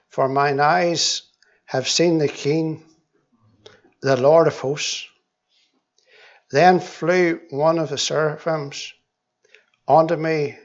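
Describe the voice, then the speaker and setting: A man with a somewhat high voice reads scripture and leads prayer at a church meeting. He speaks very slowly and deliberately, circling back to the same words as he prays. The recording is dull and lo-fi. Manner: slow and deliberate, with frequent repeated words in prayer. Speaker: church speaker giving his testimony. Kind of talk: Bible reading, prayer and testimony.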